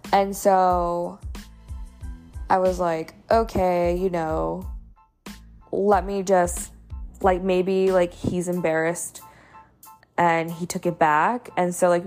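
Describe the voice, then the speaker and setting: A young woman tells a personal story in loose, casual talk, leaning on "like" and "you know". Her voice sits low with a gravelly fry, and faint music plays underneath. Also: a little mellow. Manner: chatty, many fillers like "you know" and "like". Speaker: storyteller sharing a dating story.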